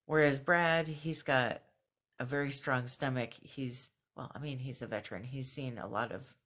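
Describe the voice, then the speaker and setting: A woman's voice: rumbling low, steady tone, normal speed. Earnest woman vlogging at home. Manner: earnest, thoughtful, with frequent fillers and soft laughs. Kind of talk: casual video journal talk. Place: at home, just out of bed.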